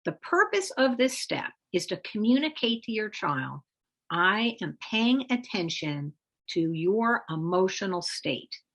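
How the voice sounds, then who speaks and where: Husky middle-aged woman, mid-pitched, measured webinar instructor who adds lively emphasis. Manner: measured, explanatory delivery with occasional lively emphasis. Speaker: parenting coach presenting a webinar. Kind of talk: instructional talk with demonstration phrases.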